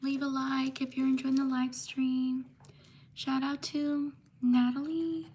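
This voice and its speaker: Woman, live stream host, high voice, slow unhurried delivery, name shout-outs. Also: little pitch movement, slight background noise. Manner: slow, drawn-out name reading with quick apologies.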